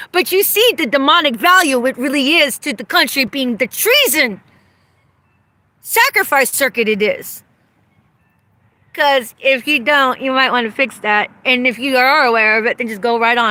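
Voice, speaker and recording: A woman's voice: high voice, sharp tone. A woman ranting angrily and profanely outdoors, delivering an accusatory vlog monologue. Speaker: vlogger.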